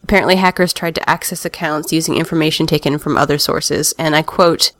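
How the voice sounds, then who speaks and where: A woman's voice: low voice, steady tone, fairly quick, a bit bright, no echo. A woman hosting a gaming podcast, reading the news of the week with wry asides and laughing often. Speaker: podcast host.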